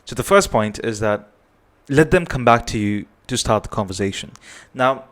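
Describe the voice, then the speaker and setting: A man's voice: medium pitch, lively intonation, normal speed, a bit bright. A man giving earnest parenting advice, often checking in with "right?". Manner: earnest, repetitive, tags points with "right?". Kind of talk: advice talk to camera.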